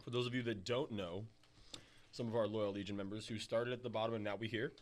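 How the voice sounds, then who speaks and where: A man's voice: fairly low pitch, fairly even intonation, quick pace. A man hosting a casual chat show, loose and joking, with the odd swear. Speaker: host. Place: office studio.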